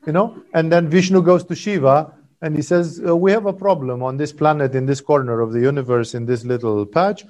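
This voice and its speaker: A man's voice: on the high side, brisk, darkish tone. A man giving a satsang talk as a spiritual teacher, telling a story in a rambling, digressive way and checking in with "no?" and "you know".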